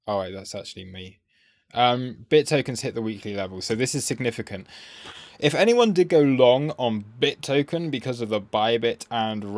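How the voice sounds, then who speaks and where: Man, mid-pitched voice, casual chatty streamer, rambling, self-deprecating, dry close sound. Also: no room sound. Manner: rambling, self-mocking, reads chat aloud. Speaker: crypto trading streamer. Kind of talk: casual live-stream chat.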